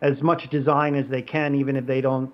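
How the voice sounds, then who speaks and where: A man talking as a podcast guest in casual conversation, animated, with frequent restarts and fillers. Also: mid-range voice, a little fast, muffled recording.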